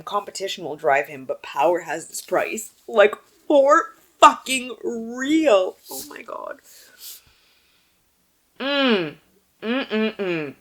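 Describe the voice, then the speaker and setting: Animated, swearing woman vlogger. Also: fairly low pitch. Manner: animated, swearing, swings from mumbling to loud exclaims. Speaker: book vlogger. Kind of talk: casual book wrap-up chat.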